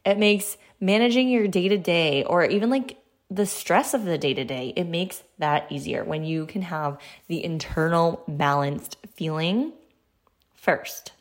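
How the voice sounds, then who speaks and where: A woman in her thirties talks through her podcast in a relaxed, chatty way, her voice sitting a little lower than most. She keeps it conversational, with loose phrasing and light laughs mixed in. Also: unhurried. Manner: laughs lightly while talking. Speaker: podcast host. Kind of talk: casual solo podcast talk.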